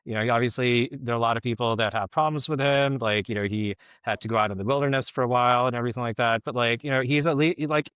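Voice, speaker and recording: A man's voice: mid-range voice, fast, few pauses, fairly bright tone, clear, resonant tone, dry recording, clean studio sound. A middle-aged man giving casual podcast commentary, rambling and filling his talk with "like, you know".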